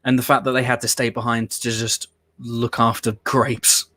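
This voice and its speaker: A man's voice: mid-range voice, little pitch movement, normal speed, sharp tone, no echo. A man hosting a watch-along show, chatting casually and rambling with blunt opinions and the odd swear word. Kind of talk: casual reaction commentary.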